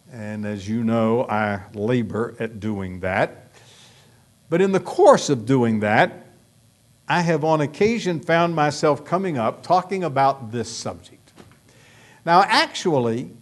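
A male pastor delivering a sermon, emphatic and full of rhetorical questions to the congregation. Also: medium pitch.

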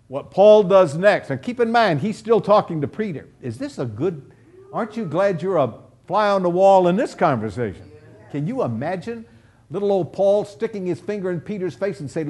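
A man's voice: high voice, darkish tone. A male preacher teaching a sermon verse by verse, emphatic and fond of rhetorical questions. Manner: emphatic, pounding home points with rhetorical questions.

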